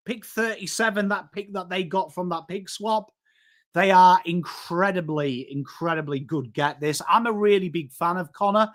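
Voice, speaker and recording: A man's voice: high voice, normal speed, fairly bright tone. Chatty English man hosting a live stream. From England. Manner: chatty, banters with chat, calls people mate. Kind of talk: casual live-stream commentary reading chat.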